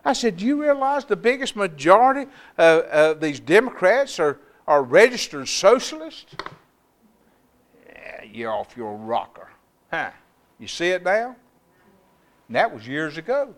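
An older man, preaching in a folksy storytelling way that swells into loud, emphatic declarations. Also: high voice, sing-song, moderate pace. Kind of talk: sermon.

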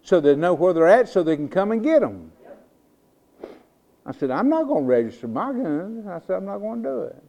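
An older man, preaching in a folksy storytelling way that swells into loud, emphatic declarations. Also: sits high, sing-song, normal speed, creaky. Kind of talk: sermon.

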